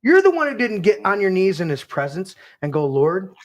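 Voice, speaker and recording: A man's voice: high voice, sing-song, brisk. A male podcast host giving an impassioned, preachy rant on a live show. He swears freely and acts out quoted voices.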